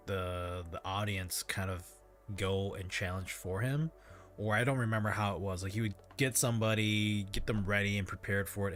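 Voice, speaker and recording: A man's voice: on the low side, fairly bright tone. A man hosting a livestream in casual chat, rambling and hesitant with frequent restarts. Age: adult parent. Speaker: livestream host.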